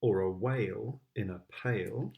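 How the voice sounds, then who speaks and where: A man's voice: lowish voice, unhurried, creaky, narrow, tinny audio, slight background noise. A British man, a father, reading picture books aloud to his child, playful and sing-song, with sound effects.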